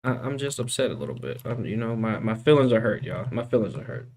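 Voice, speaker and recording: A man's voice: lowish voice, sing-song, quick pace, darkish tone. A young man streaming from his computer, chatting casually with his viewers and venting, full of slang like dude and bro. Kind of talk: casual live-stream chat.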